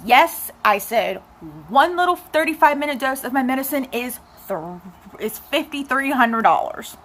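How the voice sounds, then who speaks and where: A woman's voice: high voice, expressive, moderate pace, a bit bright. A young woman chatting casually to her viewers, telling a personal story with lots of asides. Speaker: vlogger.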